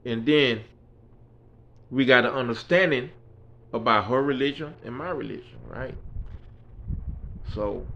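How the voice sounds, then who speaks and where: A man's voice: mid-range voice, creaky, bright, forceful tone, a little hiss or hum. A man telling his life story in a casual, rambling way, with frequent fillers. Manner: rambling, fillers like "you know" and "right".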